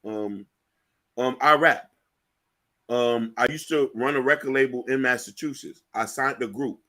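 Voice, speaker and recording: A man hosting a casual talk show, joking and animated, playing up mock fear. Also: mid-range voice, unhurried. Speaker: show host.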